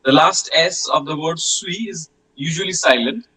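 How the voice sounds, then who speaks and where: Bright-voiced man teaching French. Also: fairly high pitch, rough recording. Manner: patient, repeats words slowly for pronunciation. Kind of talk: online class lecture.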